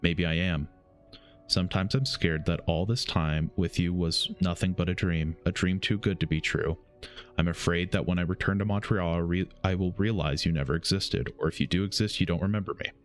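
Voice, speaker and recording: Deep-voiced man reading game letters. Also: fairly even intonation, soft background music. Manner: reads slowly, stumbles and self-corrects. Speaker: gaming streamer.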